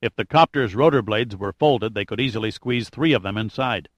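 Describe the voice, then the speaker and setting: A man's voice: fairly low pitch, a little fast, dry recording, highs cut off, natural voice. A man voicing a wry, questioning male geologist in an audiobook, close to his own voice.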